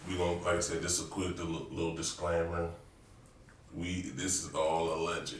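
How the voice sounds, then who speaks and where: Deep-voiced man hosting a loose podcast. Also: monotone, moderate pace. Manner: loose, rambling, cursing, stop-start. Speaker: podcast host. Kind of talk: casual podcast chat. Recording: echoey room, distant mic, noisy.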